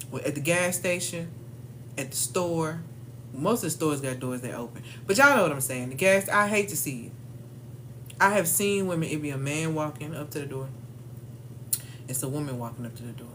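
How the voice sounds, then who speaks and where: A woman's voice: low voice, fairly bright tone, a little hiss or hum. A woman coach giving a casual motivational training talk, emphatic and slangy, calling her listeners "y'all" and "baby". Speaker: leadership coach for women.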